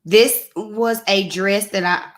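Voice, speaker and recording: A woman's voice: medium pitch, steady tone, slow pace. Chatty woman hosting a live stream. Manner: chatty and playful, calls viewers "y'all". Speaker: YouTuber hosting her own live stream. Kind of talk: casual chat to viewers.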